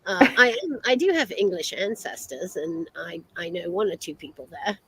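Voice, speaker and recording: A woman's voice: lowish voice, expressive, normal speed, bright, forceful tone, breathy edge, rough recording. Rambling American woman co-host. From United States. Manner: rambling, many fillers and restarts. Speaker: podcast co-host. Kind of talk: casual chat.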